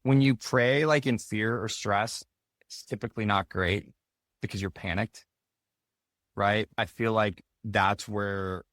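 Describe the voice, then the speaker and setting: A man's voice: lowish voice, steady tone, takes it slowly, a bit bright, no room sound, studio quality. A man guesting on a podcast as a youth baseball coach, talking loosely and leaning on filler words like "like" and "right?". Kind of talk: casual conversational interview.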